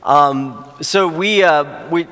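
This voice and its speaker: A man, a pastor, telling a humorous personal story during a sermon, animated at the funny moments. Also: a little high, slow pace. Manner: storytelling, rising to animated exclamations for comic effect. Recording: long hall reverb.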